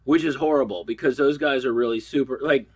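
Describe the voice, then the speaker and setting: A man's voice: mid-range voice, fairly quick. Brief: middle-aged man from Pittsburgh, stuffy-nosed, with a blunt, profane ranting delivery. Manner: angry, blunt, swears constantly. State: stuffy nose. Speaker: vlogger. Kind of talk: profane rant.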